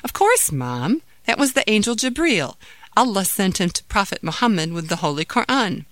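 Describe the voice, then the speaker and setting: A woman's voice: medium pitch, sing-song, moderate pace, no echo, studio quality, natural voice. A woman voicing an eager, curious young girl in a storybook reading.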